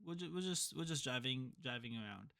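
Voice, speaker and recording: A man's voice: mid-range voice, expressive, brisk, vocal fry, bright, forceful tone. A young man co-hosting a podcast, chatting casually in a laid-back way with many fillers. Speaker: podcast co-host. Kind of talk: casual chat.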